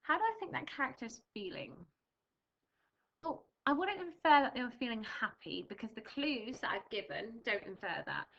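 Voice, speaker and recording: A young English primary teacher explains clues and vocabulary patiently and reads a picture book aloud with lively expression. Her voice is bright and a touch high. It comes through a dull, lo-fi home recording. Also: normal speed. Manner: clear, patient explaining and expressive storybook reading. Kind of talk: recorded remote reading lesson.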